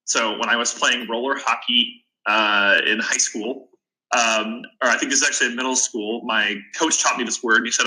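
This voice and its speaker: A man's voice: on the low side, fast, sharp tone, poor audio. A man in his twenties, a podcast guest and startup founder, giving earnest advice in a casual interview, often restarting his sentences. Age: 20s.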